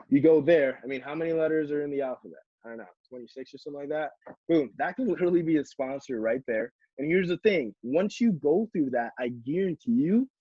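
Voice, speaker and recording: A young man training salespeople, acting out a sales pitch in a casual, upbeat way full of "like" fillers. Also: husky, no echo. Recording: dull, slightly lo-fi dry sound.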